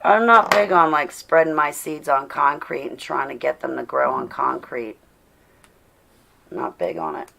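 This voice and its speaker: A woman's voice: low-pitched, animated, normal speed, gravelly, noisy background. A tired woman hosting a casual livestream, preaching to and chatting with her viewers and laughing often. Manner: preachy, reads chat aloud, laughs often. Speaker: livestream host.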